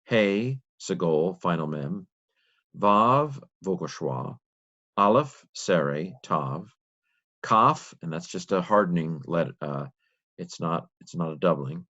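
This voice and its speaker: A man teaching, reading a text aloud letter by letter and thinking aloud in a slow, halting way. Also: deep voice, animated, sharp tone, dull audio.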